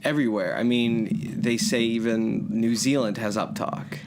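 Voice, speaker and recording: A man's voice: medium pitch, fairly even intonation, measured pace, crowd noise. A man in a casual podcast chat, rambling and good-humored, chuckling between thoughts. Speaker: podcast co-host. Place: indoors in Yonkers, New York.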